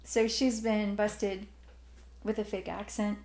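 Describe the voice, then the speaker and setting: A woman's voice: medium pitch, flat delivery, takes it slowly, a little mellow. Wry Southern woman, roomy echo. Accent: Southern American. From Alabama, US. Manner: wry, joking gossip. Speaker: podcast host. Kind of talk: casual podcast chat.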